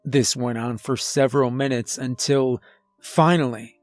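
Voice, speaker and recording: Man, first-person horror storyteller, very slow and deliberate, dry close voice. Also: mid-range voice, steady tone, no echo, faint music behind. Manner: slow and measured. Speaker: narrator. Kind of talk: scripted horror narration.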